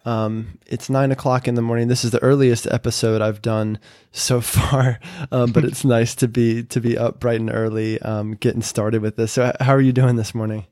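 Male podcast host, relaxed chatty delivery, dry close sound. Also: medium pitch, normal speed, no room sound. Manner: chatty, many fillers and little laughs. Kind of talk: casual interview chat.

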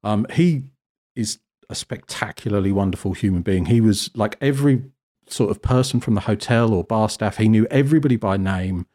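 A British man telling a lively, self-deprecating story as a guest photographer in a casual interview. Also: fairly low pitch, normal speed. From Britain. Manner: animated, self-deprecating, acts out quotes.

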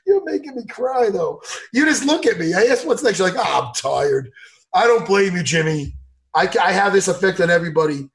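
An excitable man hosting a podcast, chatting casually with a co-host. His voice sits high, and his pitch leaps around as he gets worked up and acts out other people's lines. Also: brisk. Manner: animated, excitable, laughs a lot, acts out impressions loudly. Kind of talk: casual chat.

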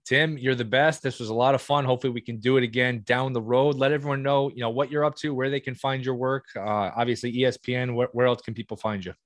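Male sports podcast host: quick, upbeat delivery, dry close recording. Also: medium pitch, steady tone, no room sound. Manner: upbeat, friendly, quick questions. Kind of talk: podcast interview, casual chat.

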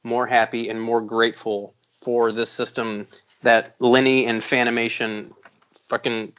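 A man's voice: medium pitch, little pitch movement, measured pace, fairly bright tone. Profane rambling man, dull lo-fi sound. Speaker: podcast co-host, knifemaker. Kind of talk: casual podcast chat.

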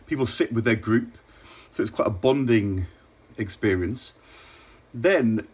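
A middle-aged man from England, a former minister, telling wry, measured stories in an interview. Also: on the low side, slightly rough. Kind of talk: relaxed interview anecdotes.

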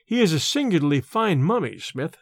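A secretive, rattled male scholar speaks in a faltering, breathless way, as a man reading an audiobook plays him. His voice is high and lively, rising and falling a lot. The sound is dry and close. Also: brisk, no room sound. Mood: musing. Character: shaken, secretive male scholar, fat and pallid. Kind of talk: audiobook character voice.

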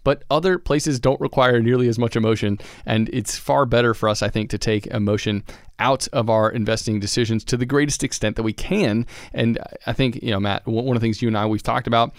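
A man's voice: mid-range voice, fairly even intonation, fairly quick, hardly any pauses, dry recording, studio quality. Earnest, reflective male podcast co-host. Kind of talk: casual chat.

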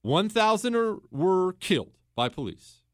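Male talk host, slightly high voice, emphatic storyteller, dry close recording. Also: big pitch swings, unhurried, no echo. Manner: storytelling, mimics others in quotes, emphatic repetition. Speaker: podcast host. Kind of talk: opinionated monologue.

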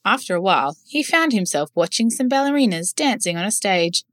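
A woman reads a children's story aloud, gentle and clear. Her voice sits mid-range and sounds close and dry. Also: medium pitch, lively intonation, brisk, no echo.

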